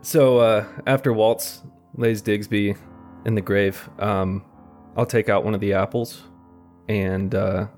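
A man playing a tabletop game, describing his character's actions in a halting way with many fillers. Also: fairly low pitch, steady tone, a little mellow, faint music behind. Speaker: player.

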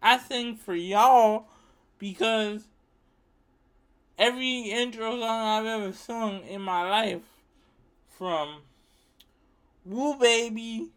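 Slow, passionate ranting man. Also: sits high, a bit bright, clean tone. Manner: emphatic, profane, passionate, repeats himself. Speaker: vlogger. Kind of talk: casual rant to camera.

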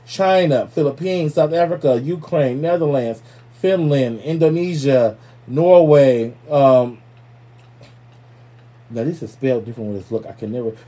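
A man hosting a podcast in loose, profane, playful casual chat, giving listeners shout-outs. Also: medium pitch, unhurried. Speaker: podcast host.

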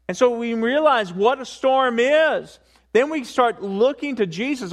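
A man preaching a sermon, swinging between hushed asides and rising, emphatic points, with frequent repetition. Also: high voice, moderate pace. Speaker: pastor.

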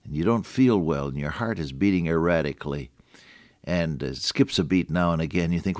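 A radio preacher, an older man, delivers a folksy devotional sermon straight to the listener, swinging from hushed lows to emphatic highs. He talks at normal speed, recorded dry in clean studio sound.

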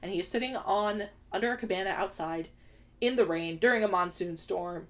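A woman's voice: mid-range voice, brisk, fairly bright tone. A young woman co-hosting a podcast, recapping a film in casual chat and acting out quoted lines in exaggerated voices. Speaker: podcast co-host.

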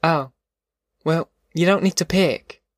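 A man voicing a weary, determined migrant farm mother who gives brisk orders. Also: on the high side, no room sound, clean studio sound, pitched above the performer's own voice. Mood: coaxing, worried. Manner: brisk, commanding.

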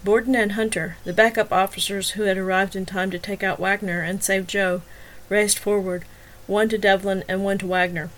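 Woman narrating an audiobook. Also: mid-range voice. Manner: even, measured storytelling.

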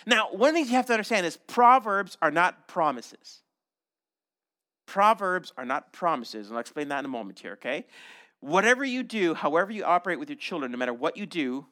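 A middle-aged man preaching a sermon in a church, animated and conversational, often checking in with "right?" and slipping in jokes. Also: high-pitched. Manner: animated, conversational, frequent "right?" asides and joking. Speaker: pastor.

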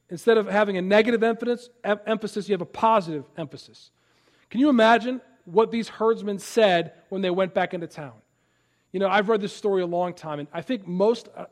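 High-voiced emphatic preacher. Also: male voice. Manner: emphatic, repeats words when restarting. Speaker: pastor. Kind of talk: sermon.

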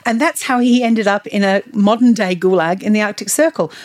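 A woman's voice: medium pitch, brisk. A woman co-hosting a podcast, casually recounting a news story at length with fillers.

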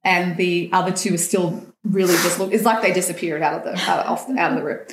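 A woman's voice: on the low side, brisk, echoey room, background noise. A woman guest on a podcast, telling a personal story with feeling and acting out the lines of the people in it. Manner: animated, acts out quoted dialogue. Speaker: dating coach guest.

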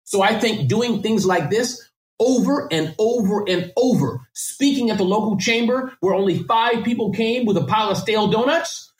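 A man talking fast and energetically as a podcast guest, full of restarts and repeated words. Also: sits high, echoey room, poor audio. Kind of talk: casual interview answers.

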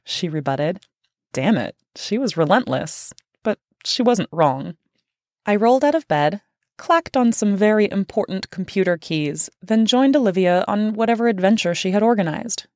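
A woman's voice: medium pitch, expressive, moderate pace, darkish tone, no room sound, studio quality. Woman author reading her book, wry. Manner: casual, wry asides. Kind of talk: audiobook narration.

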